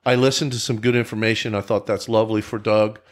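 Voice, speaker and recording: A man with a notably deep, low-pitched voice tells his personal recovery story as a podcast guest. He talks in a reflective, earnest way, circling back and restarting sentences as he goes. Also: flat delivery, quick pace.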